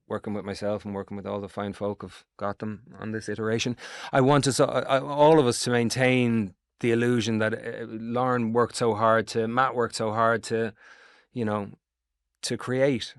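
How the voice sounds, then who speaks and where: A middle-aged Irish actor in a casual interview, telling long rambling stories with lots of swearing. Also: male voice, mid-range voice, no room sound, studio quality. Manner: rambling, animated storytelling with swearing. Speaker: actor guest.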